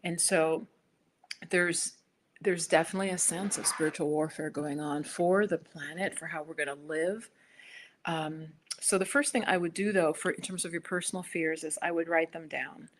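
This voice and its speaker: A woman's voice: low voice, steady tone, moderate pace, a little hiss or hum. A middle-aged American woman chatting casually on her own livestream, rambling with restarts and fillers. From United States. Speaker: spiritual YouTuber.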